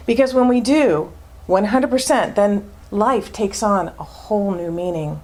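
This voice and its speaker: A woman's voice: mid-range voice, measured pace, a little mellow. A woman minister giving a sermon, emphatic and fond of repeating words for stress.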